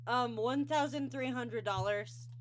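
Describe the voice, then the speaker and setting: A woman's voice: on the high side, a little slow, crowd noise. Rambling young woman hosting a casual interview. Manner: rambling, easily sidetracked, many ums. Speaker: interview show host.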